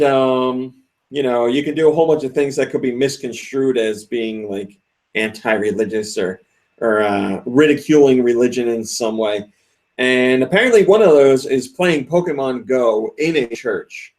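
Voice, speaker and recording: A man hosting a casual podcast, chatting, laughing often and reading viewer comments aloud. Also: medium pitch. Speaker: podcast host.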